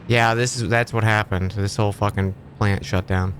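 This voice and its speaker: A man's voice: fairly low pitch, fairly even intonation, moderate pace, slight background noise. A man streaming a factory game, chatting casually with his viewers and swearing offhandedly. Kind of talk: casual gaming commentary.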